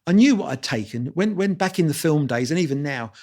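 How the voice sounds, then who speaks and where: A man, telling lively anecdotes as an interview guest and restarting his sentences often. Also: on the high side, a little fast. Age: 60s. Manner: animated anecdotes with quoted voices and restarts. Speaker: guest photographer. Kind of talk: storytelling interview.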